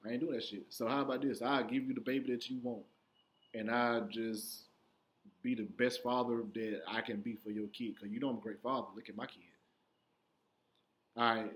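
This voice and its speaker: A young man telling stories in a casual, profane monologue, acting out both sides of each conversation. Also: mid-range voice. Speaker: storyteller.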